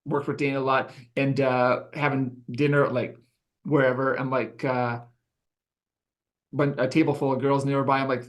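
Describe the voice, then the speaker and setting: A man's voice: medium pitch, level tone, normal speed. A man hosting a podcast, chatting and telling rambling stories full of fillers. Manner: rambling, filler-heavy storytelling. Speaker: podcast host. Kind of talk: casual chat.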